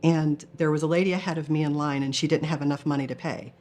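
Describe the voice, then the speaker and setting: A woman's voice: low-pitched, steady tone, fast, darkish tone. A woman telling her near-death experience in an interview, earnest and emotional, often quoting others in her own voice. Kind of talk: personal storytelling.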